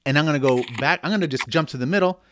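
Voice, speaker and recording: A man's voice: on the high side, rapid-fire. A man co-hosting a casual podcast, reading out a listener email with bro-ish jokes. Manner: joking, bro-ish banter. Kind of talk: casual chat.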